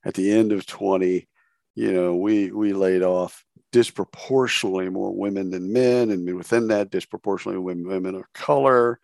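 A man's voice: deep voice, steady tone, normal speed, vocal fry, a little mellow, no echo, studio quality. A man hosting a podcast interview, chatting casually and rambling, often restarting his phrases. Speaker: podcast host.

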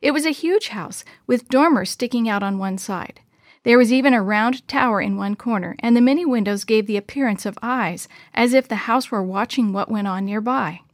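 Gentle woman reading to children. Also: a little high, normal speed, no room sound, clean studio sound. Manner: gentle, expressive, child-directed. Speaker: storyteller. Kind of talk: children's story read-aloud.

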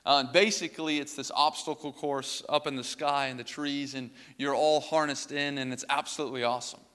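Bright-voiced young pastor in a reverberant hall. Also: male voice, mid-range voice, fairly even intonation, brisk, smooth. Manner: casual storytelling with many fillers. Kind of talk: sermon with personal story.

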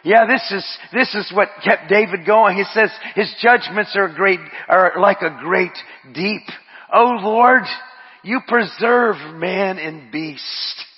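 A man preaching a sermon. He drops to hushed murmurs, rises to shouted refrains, repeats his phrases and speaks in tongues. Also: sits high, breathy edge. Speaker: pastor. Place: church sanctuary. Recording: dull audio with long hall reverb.

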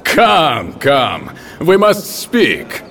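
A man voicing a confident, booming male veteran warrior in a fan audio drama. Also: huge pitch swings, fairly bright tone, slight background noise, heavily acted. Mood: commanding. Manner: slow, commanding.

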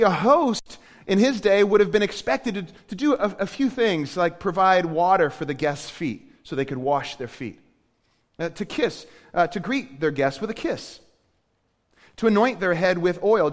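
A male pastor delivering a sermon, conversational and animated, with emphatic rises on key points. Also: high voice, in a large hall.

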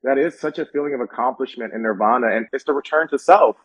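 A man's voice: medium pitch, quick pace, husky. A man hosting a podcast interview, affirming his guest in a reflective way. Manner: affirming, reflective, with frequent hums of agreement. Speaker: podcast host. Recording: dull lo-fi sound.

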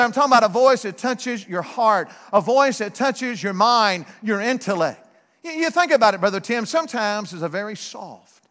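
A middle-aged man preaching a sermon, fervent and repetitive, building to shouts. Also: extremely high pitch. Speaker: guest preacher. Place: church sanctuary. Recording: long hall reverb.

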